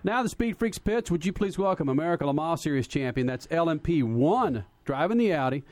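A man's voice: fairly high pitch, lively intonation, brisk, a little mellow. A man hosting a motorsport radio show, introducing guests in an upbeat announcing manner. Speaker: radio host.

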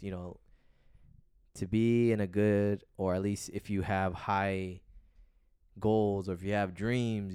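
A man with a very low voice co-hosts a casual podcast. He rambles in a relaxed, meandering way and drops swear words freely. The sound is dry and close. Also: smooth, no room sound. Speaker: podcast co-host.

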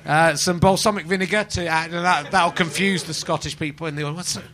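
A man's voice: fairly high pitch, steady tone, brisk, sharp tone. A man from England hosting a live podcast in front of a small audience, chatting in a rambling, mock-indignant, jokey way. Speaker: podcast host. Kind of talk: live stand-up podcast chat.

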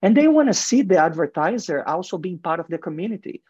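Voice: mid-range voice, very animated, fast talker, darkish tone, husky, no room sound. A guest in marketing and advertising speaks earnestly in a radio interview with a heavy accent and frequent restarts. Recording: dull lo-fi radio sound, dry.

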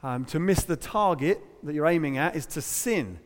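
A man's voice: fairly high pitch, lively intonation, normal speed. English man preaching in an echoing hall. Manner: conversational, humorous, emphatic. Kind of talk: sermon. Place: church hall.

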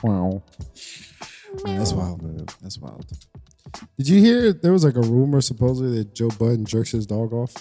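A man's voice: medium pitch, very animated, moderate pace, pauses often, dark tone, faint music behind. A man co-hosting a podcast, joking around in profane casual banter and often restarting his sentences. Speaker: podcast co-host.

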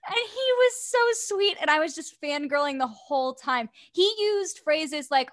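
A woman chatting casually as a podcast guest, telling animated stories and laughing often. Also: high-pitched, measured pace. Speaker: guest voice actor.

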